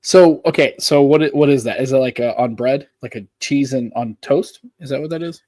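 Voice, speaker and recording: A man's voice: medium pitch, brisk, a little mellow, no room sound. A man from the United States co-hosting a live podcast, chatting casually and rambling through stories. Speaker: podcast co-host. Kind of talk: casual chat.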